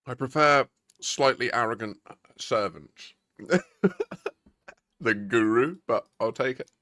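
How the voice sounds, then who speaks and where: A man's voice: medium pitch, slow pace, pushed and bright, no room sound, studio quality. A man, chatting casually with viewers on a game stream and laughing often. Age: 30s. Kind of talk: casual live-stream chat.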